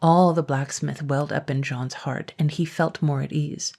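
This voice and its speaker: Low, gravelly woman reading a storybook. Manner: calm, unhurried. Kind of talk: calm storybook narration.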